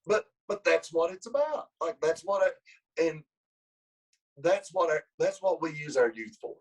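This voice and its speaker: Slightly high and a bit rough, this man talks a little slowly on a low-quality recording. As a wrestling coach telling a lengthy interview story, he drifts and starts sentences over, becoming animated when voicing quotes.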